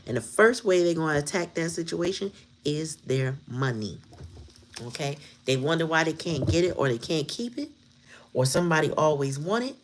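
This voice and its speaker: Low-voiced blunt woman reading tarot. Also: a little hiss or hum. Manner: blunt, profane, laughs often. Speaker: tarot reader.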